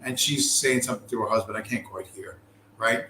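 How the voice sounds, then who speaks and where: A man's voice: mid-range voice, brisk, bright, forceful tone. A middle-aged man from the United States telling a long, profane, rambling story in casual talk. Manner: profane, rambling, full of fillers and restarts. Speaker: podcast host. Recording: roomy with faint background noise.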